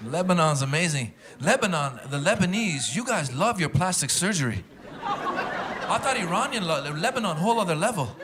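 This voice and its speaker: A middle-aged man performing a stand-up comedy set before a live audience, telling animated stories and slipping into character voices. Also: high-pitched, normal speed. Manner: animated storytelling, switching into accented character voices. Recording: loud crowd and noise from a live show.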